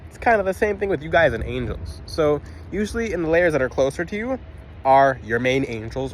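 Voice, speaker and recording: A man's voice: a little high, a little hiss or hum. A man casually talking to a phone camera outdoors, emphatic and rambling, with frequent restarts. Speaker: spiritual video host.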